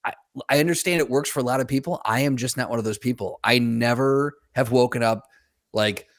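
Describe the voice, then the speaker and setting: A man's voice: medium pitch, brisk, no room sound, studio quality. Hesitant man in casual chat. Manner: conversational, with hesitant restarts. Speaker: podcast co-host.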